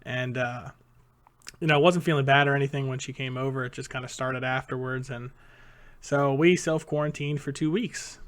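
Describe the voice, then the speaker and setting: Male co-host, thirties, mid-pitched, rambling and hesitant, casual talk. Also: steady tone, normal speed, fairly bright tone. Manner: rambling, hesitant, many fillers. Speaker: podcast co-host. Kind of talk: casual podcast chat.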